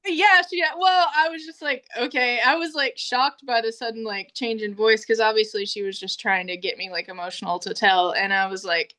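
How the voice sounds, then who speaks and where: A woman's voice: medium pitch, brisk, few pauses. A young woman hosting a podcast, telling a story in casual chat and acting out the voices she quotes. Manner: animated storyteller, acts out quoted voices, laughs often. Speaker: podcast host.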